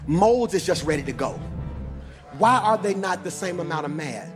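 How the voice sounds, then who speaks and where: A man preaching a sermon in a church, moving between low, conversational teaching and loud, sing-song preaching. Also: expressive, normal speed, over music. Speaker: pastor. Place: church sanctuary with congregation.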